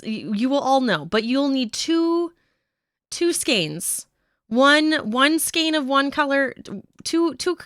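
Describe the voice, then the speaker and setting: A woman hosting a live knitting stream, chatting casually with her viewers in an excitable way. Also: high-pitched, dry recording, studio quality. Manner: chatty, excitable, says "um" and "y'all" often.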